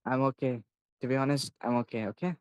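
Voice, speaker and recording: Fast-talking, polite male caller. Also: medium pitch, fairly even intonation, clear, resonant tone, lo-fi sound. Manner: polite, hurried and eager to leave. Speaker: caller in a debate. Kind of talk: live-streamed debate call.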